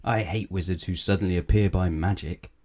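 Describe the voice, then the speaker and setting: A man voicing a grouchy grown man in a storybook reading, gruff and full of complaints. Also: deep voice, steady tone, a little fast, warm tone. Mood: grumbling. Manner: gruff, grumbling. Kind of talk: storybook read-aloud.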